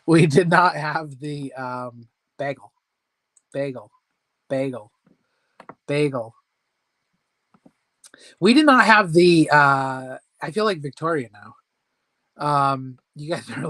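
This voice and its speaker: A man's voice: on the high side, a bit bright, no echo. A man hosting a casual weight-loss support chat from home, talking in a rambling, self-deprecating way with laughs.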